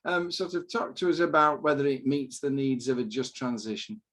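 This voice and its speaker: A man's voice: mid-range voice, lively intonation, moderate pace, fairly bright tone. A man hosting a political panel, informal and joking, sometimes stumbling over his words. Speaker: host.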